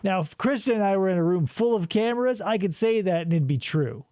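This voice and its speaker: High-voiced, rambling male podcast host. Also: expressive, a little fast, mellow, no echo, clean studio sound. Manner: rambling, profane, laughs often. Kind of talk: casual commentary on interrogation footage.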